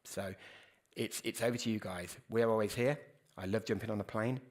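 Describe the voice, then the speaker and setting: Fast-talking man on a conference panel. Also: fairly low pitch, fairly even intonation. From United Kingdom. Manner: fast, earnest, self-correcting. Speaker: conference speaker.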